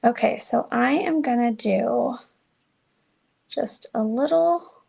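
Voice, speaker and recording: Chatty woman with a gravelly edge. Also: on the high side, slow pace, a little mellow. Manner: chatty, self-deprecating, talks to viewers while working. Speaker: card-making demonstrator. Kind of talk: live crafting demo.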